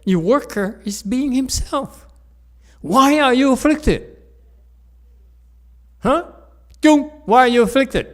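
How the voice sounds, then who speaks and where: A man giving a teasing dharma lecture in a Buddhist hall, laughing often, repeating himself, and moving from soft asides to loud emphasis. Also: very high-pitched, animated, slow pace, long pauses.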